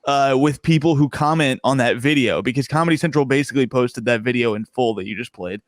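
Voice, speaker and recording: A young man chatting as a podcast guest, swapping comedy stories with quick bursts of laughter. His voice leaps upward whenever something amuses him, and the sound is close and dry. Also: no echo. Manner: animated storyteller, laughs often, pitch jumps when excited. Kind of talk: casual podcast interview.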